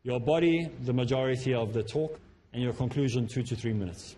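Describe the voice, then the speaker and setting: A man from Africa, lecturing students on public speaking in a lively way that acts out the speakers he quotes. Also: mid-range voice, fairly quick, slight background noise. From South Africa.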